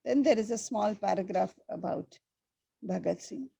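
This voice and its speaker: A woman teaching a school class, slowly repeating the key words for her students. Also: mid-range voice, creaky, dark tone, breathy edge, dry recording. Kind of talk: classroom lesson.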